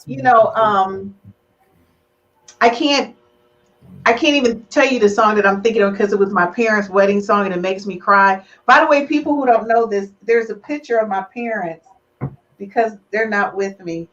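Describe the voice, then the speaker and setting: A woman hosting a relationship podcast in lively, teasing, emotional chat with her guests. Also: medium pitch, normal speed, muffled recording. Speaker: podcast host.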